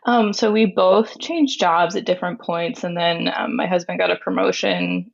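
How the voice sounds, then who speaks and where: A woman in her twenties from Virginia, calling in to a radio show and talking calmly. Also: lowish voice, normal speed, gravelly. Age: 20s. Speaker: caller. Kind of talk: call-in conversation. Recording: muffled phone-in line.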